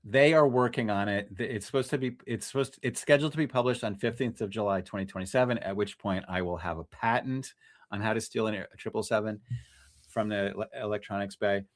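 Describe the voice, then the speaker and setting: Low-ish guy chatting about his work, lots of restarts and um's, casual interview. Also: fast talker. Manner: restless, self-correcting, many restarts and fillers. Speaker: freelance journalist, podcast guest.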